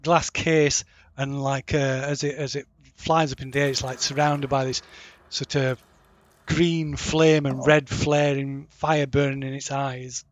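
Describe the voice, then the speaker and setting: A man narrating as game master, halting and restarting with many fillers. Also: mid-range voice, level tone.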